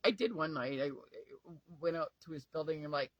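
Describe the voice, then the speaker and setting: A tired man vents to camera at home, a vlogger talking casually in a rambling, profane, emotional way and often trailing off before starting again. His voice is a little high and fast, on a low-quality recording with no room sound.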